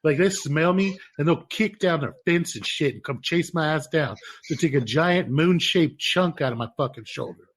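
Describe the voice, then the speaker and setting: A man with a slightly higher voice and a husky, breathy edge tells rambling stories on a casual podcast. He talks in an animated, profane way. His tone stays loose and conversational. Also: normal speed. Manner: animated, profane, laughing storyteller. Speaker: podcast co-host. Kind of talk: casual chat, storytelling.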